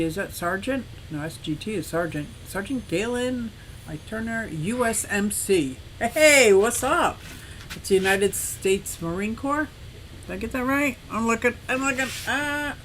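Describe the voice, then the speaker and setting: A woman's voice: mid-range voice, slight background noise. Chatty older woman hosting a live stream. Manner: chatty and animated, laughs often, rambling anecdotes. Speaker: livestream host of an aquarium and fish shop. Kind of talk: casual live-stream chat, greeting viewers and reading comments.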